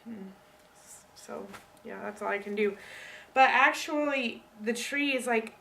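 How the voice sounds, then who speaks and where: A woman student giving a casual book talk, chatty and animated as she speaks straight to her audience. Her voice is bright and a touch high, and it sounds distant from the microphone. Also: measured pace, creaky, pauses often. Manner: chatty, animated, addresses listeners directly. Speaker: student presenter.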